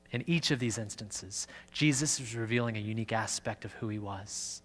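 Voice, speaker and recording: A man's voice: fairly low pitch, normal speed, few pauses. A male pastor preaching a sermon in an earnest way, often stumbling and repeating words as he explains. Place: church sanctuary. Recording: long church-hall reverb.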